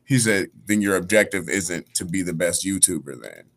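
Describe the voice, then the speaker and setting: A man's voice: sits low, moderate pace, gravelly, fairly bright tone. A man, a guest comedian, telling a story in casual podcast chat and acting out the dialogue.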